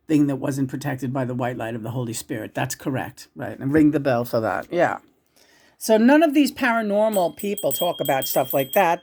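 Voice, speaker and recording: A woman talking casually as a psychic channeler about spirits. She rambles, restarts often and swings between loud and hushed. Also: low-pitched.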